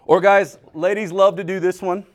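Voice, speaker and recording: A man's voice: high-pitched, moderate pace. A middle-aged man preaching a humorous sermon, joking and acting out little scenes. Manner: animated, jokey, acts out little scenes. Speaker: pastor.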